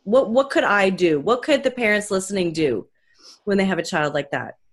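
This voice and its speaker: Woman podcast host, normal pitch, chatty, keeps asking follow-up questions. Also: expressive, normal speed. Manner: conversational, asks follow-up questions, checks her understanding. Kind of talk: podcast interview.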